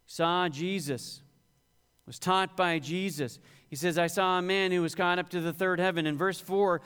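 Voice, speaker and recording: A man's voice: high-pitched, fairly even intonation, moderate pace, a bit bright, clean tone. A male pastor preaching a sermon, rising in emphasis on quoted scripture. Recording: long hall reverb.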